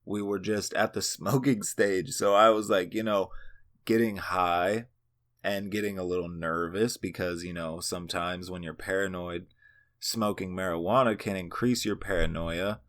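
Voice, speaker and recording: A young man hosting his own show, telling a personal story in a relaxed, profane ramble. His voice sits a little low, and he slips into quoted voices of other people as he goes. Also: moderate pace. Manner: laid-back, profane, acts out quoted voices. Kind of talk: casual storytelling monologue.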